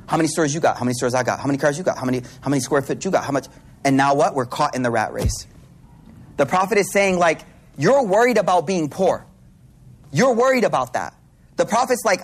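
A man from Buffalo giving a casual Islamic lesson, an animated storyteller mixing slang and Arabic terms. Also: a little high, quick pace, husky. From Buffalo, New York, US. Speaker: Islamic teacher.

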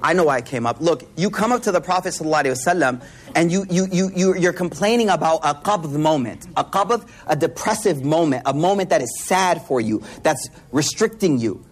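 A man from Buffalo giving a casual Islamic lesson, an animated storyteller mixing slang and Arabic terms. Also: a little high, a little fast, breathy edge. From Buffalo, New York, US. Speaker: Islamic teacher.

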